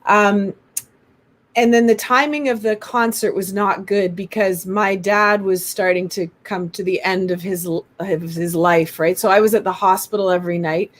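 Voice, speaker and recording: A woman's voice: medium pitch, moderate pace. A woman guest on an interview show, telling a personal story in casual chat and acting out the voices of the people in it. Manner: animated, acts out quoted voices.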